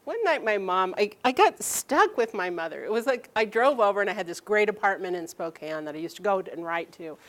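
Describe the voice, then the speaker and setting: Brief: middle-aged woman storyteller, lively and laughing, voicing family members' lines. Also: mid-range voice, brisk. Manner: animated, laughing, quoting her mother in lively bursts. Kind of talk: personal storytelling to an audience.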